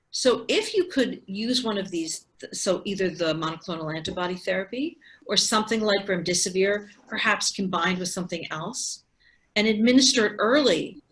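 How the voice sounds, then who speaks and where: A woman's voice: medium pitch, fairly bright tone. A woman in her sixties, a physician, explaining things step by step in conversation with frequent restarts over a video call. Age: 60s. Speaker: physician and researcher.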